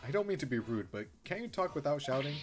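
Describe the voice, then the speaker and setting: A man's voice: a little high, very animated, quick pace, soft background music. Man reading a blunt young woman lawyer. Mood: teasing.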